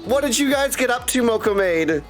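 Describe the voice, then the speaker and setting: A man chatting excitably with his viewers on a live stream, full of catchphrases. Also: very high voice, normal speed, faint music behind. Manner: excitable, chatty, keeps saying my dudes. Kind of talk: casual live-stream chat.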